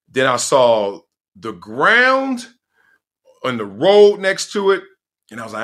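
A middle-aged man with a lilt spins a story on his podcast. His voice is bright and forward, and it swoops up and down as he acts out what everyone said and every crash and yelp. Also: mid-range voice, slow pace, long pauses. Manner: expressive, acts out quoted voices and sounds, laughs often. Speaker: podcast host. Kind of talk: animated storytelling.

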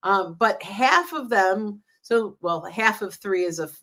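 An enthusiastic woman speaks as a sales trainer in a casual podcast conversation. She talks fast and eagerly, slipping into lively acted-out sample dialogue to make her points. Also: mid-range voice. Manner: enthusiastic, acts out example dialogue. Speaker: LinkedIn sales trainer, guest.

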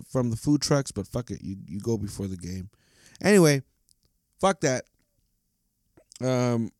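A man's voice: medium pitch, darkish tone, no echo. Profane, heated man ranting into a dry mic. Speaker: podcast host. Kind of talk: casual solo podcast rant.

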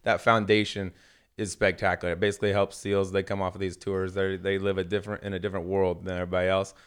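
A man co-hosting a podcast in casual chat, animated and jokey, swearing freely as he tells stories. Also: sits low, fast talker, clean tone. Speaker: podcast co-host.

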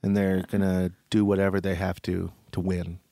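A man's voice: deep voice, monotone, moderate pace, creaky, mellow, no room sound, clean studio sound. A man co-hosting a podcast in casual chat, wry and given to crude jokes. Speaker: podcast co-host.

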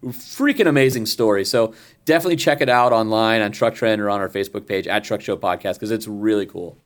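A man's voice: lowish voice, a little fast. A man co-hosting a podcast about trucks, telling stories in casual chat. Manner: chatty storyteller, acts out quoted voices. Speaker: podcast co-host.

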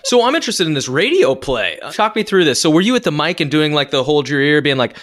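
A man co-hosts a podcast with quick, tumbling speech and a voice that swings up and down a lot. He jokes around playfully and swears casually. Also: a little high, sing-song, fairly bright tone. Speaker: podcast co-host.

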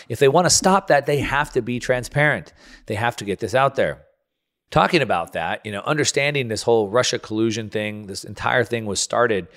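A man's voice: on the low side, a bit bright. A man hosting a talk show, ranting through political commentary with frequent restarts. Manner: heated, restarting and stumbling over words. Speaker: radio show host.

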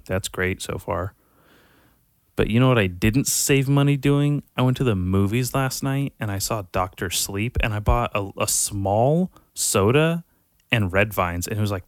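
A man's voice: on the low side, dry recording, clean studio sound. A young man hosting a podcast, rambling and ranting in a casual monologue, swearing constantly and sounding exasperated. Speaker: podcast host.

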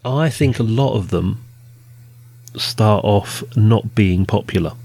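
A man hosting a casual chat, leading a list and talking in a relaxed, chatty way. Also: fairly low pitch, takes it slowly, gravelly, husky. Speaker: podcast host.

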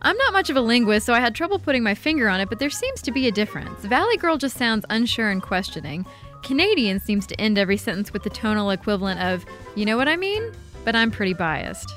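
A woman's voice: fairly high pitch, sing-song, fast talker, a bit bright, soft background music. A woman co-hosting a podcast, reading a listener's letter aloud in a playful, conversational way. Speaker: podcast co-host. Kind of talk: casual chat, reading listener mail.

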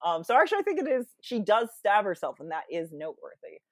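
A woman's voice: medium pitch, big pitch swings, fast, no echo, clean studio sound. A woman guest on a podcast, retelling a story casually with lots of fillers and playfully acting out quoted lines. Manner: chatty, many fillers, acts out quoted lines in playful voices.

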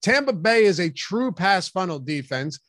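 A man with a notably high voice co-hosts a fantasy football show. His sound is dry and close, with no room around it. He argues his points emphatically. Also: big pitch swings, moderate pace, fairly bright tone, no room sound. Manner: emphatic, argumentative. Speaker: co-host. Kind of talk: fantasy football analysis chat.

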